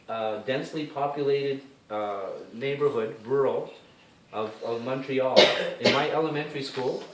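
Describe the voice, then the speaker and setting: A Canadian man giving a rambling, informal talk to a gathering at a temple, with lots of asides and restarts. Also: mid-range voice. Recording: echoey hall, speaker far from the mic, faint hiss.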